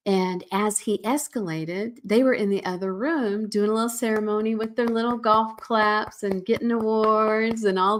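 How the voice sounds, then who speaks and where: A woman hosts her podcast in a mid-pitched voice, recounting a hard personal story with earnest emotion. She laughs through the painful moments and slips into a soft, soothing parent voice when she quotes herself. Her delivery stays animated and heartfelt throughout. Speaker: podcast host.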